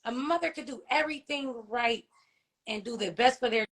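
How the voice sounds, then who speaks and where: A grieving mother and author speaks as an interview guest in a fairly high voice, giving emotional testimony about personal loss. Her delivery is halting and heartfelt, thick with fillers and restarts, and she keeps pausing to ask "you know what I mean?"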